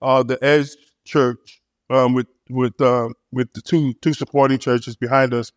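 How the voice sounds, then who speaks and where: A man talks through his story as a pastor, stumbling over repeated words and fillers between phrases. His voice sits at an ordinary middle pitch and sounds close and dry, with no room echo around it. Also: flat delivery, a little slow. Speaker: pastor and church planter. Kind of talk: casual conversational storytelling.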